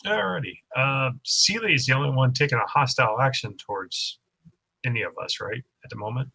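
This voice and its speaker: A man playing a tabletop game, calm and matter-of-fact about his moves. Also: medium pitch, brisk, creaky, husky, no room sound, low-quality recording. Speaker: player. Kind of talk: tabletop role-play.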